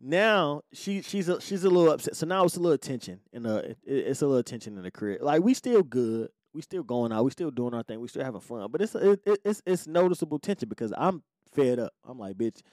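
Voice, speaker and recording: A man's voice: mid-range voice, big pitch swings, a little fast, few pauses, darkish tone, no room sound, studio quality. A man around forty, a podcast host, telling a personal story in a blunt, laid-back, profane way and often asking "you know what I'm saying". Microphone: podcast microphone.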